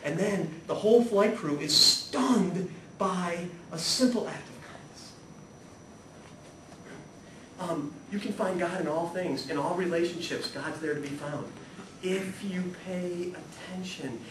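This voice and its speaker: A man giving a humorous, animated spiritual talk to a live audience, acting out the people in his stories and swinging from hushed to loud. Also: high voice, unhurried. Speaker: guest speaker at a spirituality talk series. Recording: echoey room, voice from far off, audible noise.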